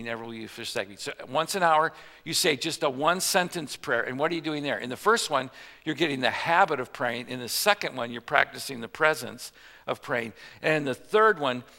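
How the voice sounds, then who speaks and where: A man's voice: on the high side, pushed and bright. A man preaching a sermon in a conversational way, joking and asking the congregation questions. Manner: conversational with jokes and rhetorical questions. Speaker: pastor. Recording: reverberant church hall.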